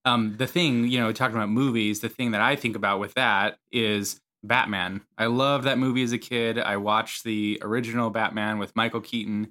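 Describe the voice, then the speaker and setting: A man's voice: on the low side, fairly even intonation, moderate pace, few pauses, bright, forceful tone. A man who is a therapist, co-hosting a podcast and talking things through in a thoughtful, casual way. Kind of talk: casual conversational explaining.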